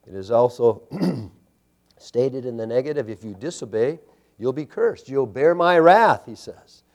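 A man's voice: mid-range voice, expressive, unhurried, darkish tone. A man preaching a sermon, emphatic and building with repeated phrases. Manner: emphatic preaching with rising intensity and repetition. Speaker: pastor.

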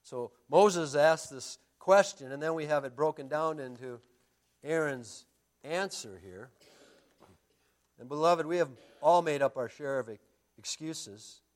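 A middle-aged man preaching in a fairly high voice, telling stories from the pulpit. He pushes key lines out loudly, then drops into quiet, confiding asides. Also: animated, measured pace. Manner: storytelling, swings between loud emphasis and quiet asides. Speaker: pastor. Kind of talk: sermon.

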